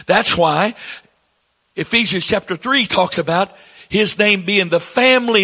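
A man in his sixties with a Southern accent preaches with a high, bright, ringing voice. His phrases surge upward for emphasis, then fall to soft, conversational asides. The sound carries the long reverb of a church hall. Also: measured pace. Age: 60s. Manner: preaching with emphatic rises, then dropping to quiet asides to the congregation. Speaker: pastor. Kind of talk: sermon.

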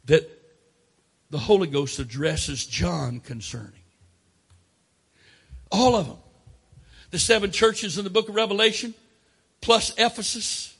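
A man preaching a sermon, swinging between loud emphatic declarations and quiet asides. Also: on the high side, breathy edge.

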